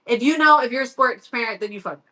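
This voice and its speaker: A woman's voice: a little high, fast, bright, forceful tone. A middle-aged woman telling a long, rambling story on a live stream as a sports parent, swearing freely and quoting her son.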